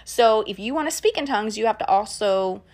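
A woman's voice: medium pitch, animated, a little fast, darkish tone. A woman, a mother, teaching in a casual, earnest and encouraging way, with a conversational flow and frequent fillers. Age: adult parent. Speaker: Christian podcast teacher.

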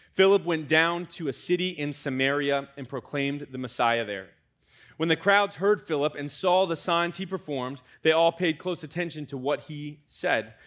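A young American man, a student pastor, preaching a conversational sermon with lively asides to the congregation. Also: fairly high pitch. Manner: conversational, animated preaching with fillers and audience asides.

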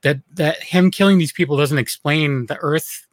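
A man's voice: a little high, normal speed, no echo. A man co-hosting a podcast, cracking jokes and mocking asides in casual chat. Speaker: podcast co-host. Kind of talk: casual movie discussion.

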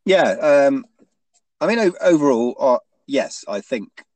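A man's voice: medium pitch, animated, measured pace, darkish tone, no echo. A man in a casual sports chat, hesitant, restarting often and ending points with tag questions.

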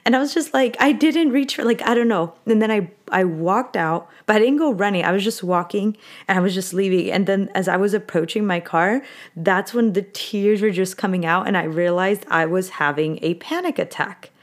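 A woman's voice: mid-range voice, normal speed. A woman in her late twenties hosting a podcast, telling a personal story in a candid, emotional way and dropping in Spanish words. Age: late 20s. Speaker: podcast host.

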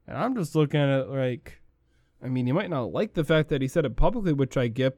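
A man's voice: medium pitch, expressive, brisk, darkish tone, dry recording, studio quality. A man hosting a sports talk show, giving opinionated commentary and repeating his points for emphasis.

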